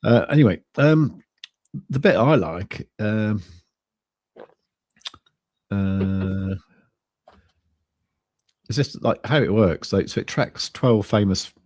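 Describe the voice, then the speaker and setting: Low-voiced man rambling casually. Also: darkish tone, dry recording. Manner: rambling, halting, many restarts and fillers. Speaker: co-host of a crypto trading stream. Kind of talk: casual chat.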